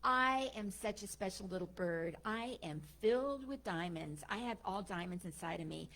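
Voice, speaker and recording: A woman's voice: medium pitch, lively intonation, normal speed, fairly bright tone, poor audio. A woman voicing a small male talking bird, wise and teasing, in a spoken parable. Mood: gloating. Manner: playful, gloating.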